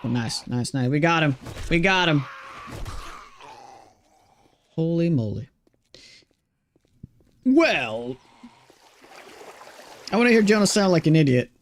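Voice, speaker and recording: A man with a fairly high, bouncy voice that swings around a lot. He chats casually with his viewers during a gaming stream and greets and thanks them by name. A faint hiss sits under his voice. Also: expressive, takes it slowly, long pauses. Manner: chatty, greets and thanks viewers between game reactions. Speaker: game streamer. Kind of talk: casual live-stream chat while gaming.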